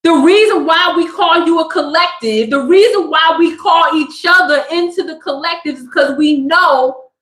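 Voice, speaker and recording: A woman's voice: very high-pitched, normal speed, a bit bright, echoey room. A middle-aged woman giving a motivational spiritual reading to her viewers, emphatic and affectionate, often repeating her phrases. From Southern California.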